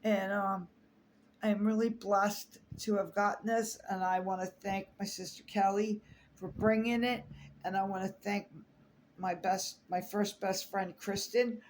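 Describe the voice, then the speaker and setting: Woman vlogging, trying not to cry, lots of ums and restarts, talks slow, faint noise behind. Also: medium pitch. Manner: halting, tearful, many fillers and restarts. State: holding back tears. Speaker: artist sharing a personal story. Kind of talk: emotional personal vlog.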